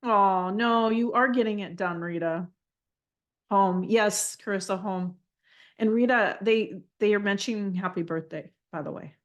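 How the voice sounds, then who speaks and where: A woman giving a live channeled spiritual reading, gentle and affirming, often repeating phrases as she passes messages on. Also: medium pitch, unhurried, muffled recording.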